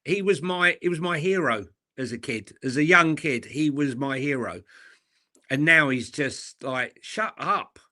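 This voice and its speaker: A man's voice: a little high, unhurried, bright, forceful tone. A man who is a guest on a football chat show and gives blunt, opinionated takes. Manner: blunt, opinionated, says "mate" a lot.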